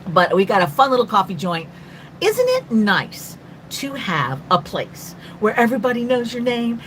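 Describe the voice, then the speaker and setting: A woman's voice: fairly high pitch, sing-song, a bit bright, a little hiss or hum, rough recording. An older woman from North Carolina who hosts a chatty, rambling live stream as an artist and greets her viewers by name. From North Carolina, USA. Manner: talkative and quick after coffee. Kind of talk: casual live-stream chat.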